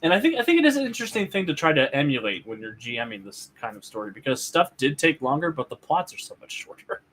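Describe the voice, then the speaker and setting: Fast, lively man with deadpan jokes. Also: on the high side, a little hiss or hum. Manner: deadpan joking asides. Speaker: co-host. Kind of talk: casual chat.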